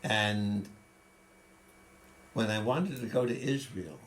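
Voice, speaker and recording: A man in his eighties with a lowish voice tells long personal stories. He talks in a reflective, conversational way, often restarting a phrase before carrying on. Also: slow, fairly bright tone, slight background noise. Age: 80s. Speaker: interviewee. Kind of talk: casual storytelling.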